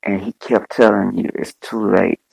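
A man preaching a fervent sermon as bishop and podcast host, repeating his phrases in slow, drawn-out, dramatic delivery. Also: fairly low pitch, flat delivery, vocal fry, darkish tone, husky, dry recording, poor audio.

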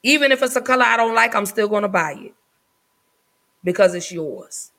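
A woman hosting a casual live podcast, talking in an effusive, affectionate way with drawn-out phrasing. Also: medium pitch, expressive, gravelly, a bit bright, poor audio. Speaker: podcast host.

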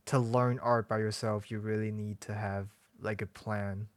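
Young man, soft hedging speech, fairly low voice, dry close sound. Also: flat delivery, unhurried, no room sound. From China. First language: Chinese. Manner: soft-spoken, hedging, laughs often. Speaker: podcast guest, artist. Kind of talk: casual interview chat.

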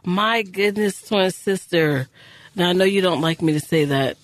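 A woman's voice: fairly low pitch, a little slow, no room sound. A woman from Houston co-hosts a Christian radio show. She backs up her partner with short, encouraging replies. Her voice sounds dry and close in the studio. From Houston, Texas. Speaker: radio co-host. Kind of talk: faith-based radio talk.

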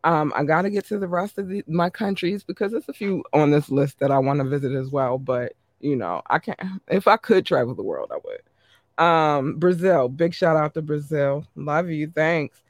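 A man hosting his podcast, reading out listener shout-outs in a chatty, upbeat way. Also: a little high, animated, moderate pace, dry recording, clean studio sound. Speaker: podcast host.

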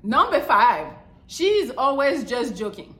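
A woman's voice: on the high side, slow, reverberant. A woman hosting a podcast, giving blunt, crude relationship advice and mocking the people she describes. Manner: crude, animated, swings into mocking quoted voices. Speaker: podcast host.

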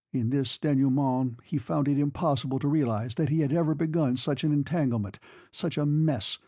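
A man reads a classic novel aloud at a measured pace, shading the characters' lines lightly. His voice is mellow and slightly husky. The recording is dry and close. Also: mid-range voice, no echo. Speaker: audiobook reader. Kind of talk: scripted narration.

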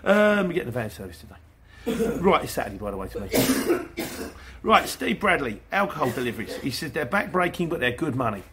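A man's voice: fairly high pitch, sing-song, a little fast, very noisy. A man, a van delivery driver, chatting casually to viewers in a rambling way and acting out exchanges with customers. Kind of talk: casual vlog answering viewers.

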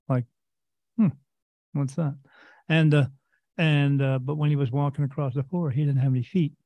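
A man's voice: on the high side, no echo. Rambling storyteller man, lo-fi sound. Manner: rambling, acts out quoted voices. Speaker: host and medium. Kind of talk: casual storytelling. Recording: dull, dry lo-fi recording.

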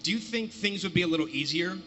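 A man's voice: high voice, lively intonation, fast, bright, forceful tone, a little hiss or hum. A man moderating a convention panel, upbeat and directing the questions. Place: convention hall stage. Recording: reverb from a large hall.

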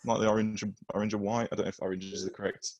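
A man's voice: lowish voice, flat delivery, very fast, darkish tone. A young man chatting on a casual podcast, hesitant and trailing off as he thinks aloud. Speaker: podcast co-host.

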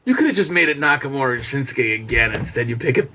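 A man's voice: mid-range voice, expressive, fast talker, pushed and bright, highs cut off, a little hiss or hum. A man co-hosting a wrestling podcast, blunt and opinionated. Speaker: podcast co-host. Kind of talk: casual wrestling podcast chat.

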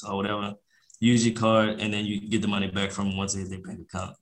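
A man's voice: lowish voice, flat delivery, fast. A young man, a podcast guest, talking casually and with slang about real estate deals, sometimes acting out phone calls in a livelier voice. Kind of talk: casual interview talk.

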